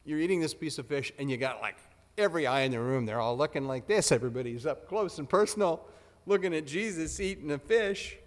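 A man preaching a sermon in a relaxed, conversational way, with joking asides. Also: fairly high pitch, a little fast. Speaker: pastor. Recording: long hall reverb.

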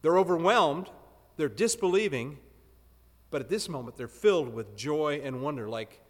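A man preaching a sermon in a relaxed, conversational way, with joking asides. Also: on the high side, normal speed. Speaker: pastor. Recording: long hall reverb.

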